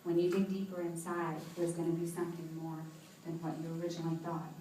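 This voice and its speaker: Her voice is lowish and dark, her delivery fast and completely flat, with a little hiss or hum on the audio. This motivational speaker gives an inspirational talk to a seated event-hall audience, laughing often through personal stories, her voice distant and echoey.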